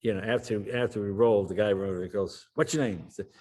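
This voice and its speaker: An older man with a lowish voice talks fast as a guest in a storytelling interview. He's an animated anecdote teller who acts out the voices of the people in his stories.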